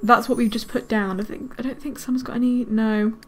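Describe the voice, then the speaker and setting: Speaking in a fairly high voice, this let's-play creator keeps things casual, firing off quick excited exclamations and chatting with the characters in her game.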